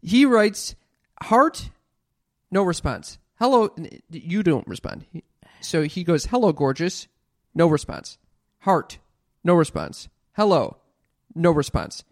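A man's voice: fairly high pitch, very animated, measured pace. A man co-hosting a podcast in casual chat, swearing freely and sounding indignant as he reads messages aloud. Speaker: podcast co-host.

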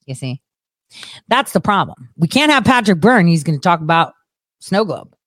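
A woman's voice: lowish voice, moderate pace, no echo, studio quality. Profane, sarcastic woman ranting. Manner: profane, sarcastic, animated rant. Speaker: political commentator. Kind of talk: ranting commentary.

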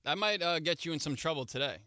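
A man's voice: on the high side, expressive, fast, pushed and bright, dry recording. A man who works as a radio producer, joining the studio banter in a dry, needling way.

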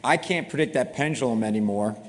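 A man's voice: mid-range voice, brisk. Middle-aged man, security founder, easy explanatory delivery, wry humor, recorded in a reverberant space. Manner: relaxed, explanatory, self-deprecating humor. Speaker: cybersecurity company founder. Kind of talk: interview answers.

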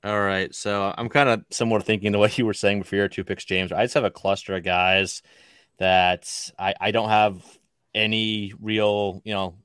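A podcast co-host chats casually and rambles, full of fillers and restarts. His voice is fairly low with little pitch movement, clear and resonant, fairly bright in tone, at a moderate pace, in a dry, clean studio recording.

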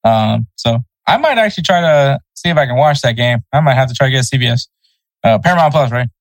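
A man's voice: medium pitch, lively intonation, quick pace, no room sound, poor audio. A man co-hosting a casual sports podcast, loose and chatty, laughing at his own pronunciation slips. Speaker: podcast co-host.

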